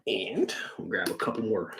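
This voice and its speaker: Live-stream host, male, from New York, fairly low voice, chatty and upbeat, talks through each pack as he opens it. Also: big pitch swings, moderate pace, vocal fry, a bit bright, whispered. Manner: chatty, upbeat, thinks aloud while opening packs. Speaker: livestream card-break host. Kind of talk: casual live-stream chat. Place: indoor card-break studio.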